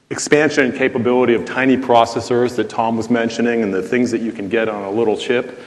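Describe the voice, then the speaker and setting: Guy on a panel, lower voice, upbeat and steady, big hall echo. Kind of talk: panel discussion answer. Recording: reverberant hall.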